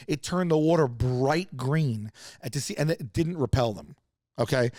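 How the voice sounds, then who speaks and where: A man co-hosting a podcast, telling a funny story in a loose, animated way and acting out other people's lines in raised voices. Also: fairly high pitch, no echo, clean studio sound. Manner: loose rambling delivery with restarts. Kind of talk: casual comedic storytelling.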